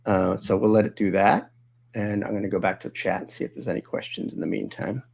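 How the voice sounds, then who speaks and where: Gravelly low-voiced man walking through a demo. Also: fairly even intonation, brisk, a little mellow. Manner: thinking aloud, chatty, answers viewer questions as he goes. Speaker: webinar host demonstrating video software. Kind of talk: casual live software demo.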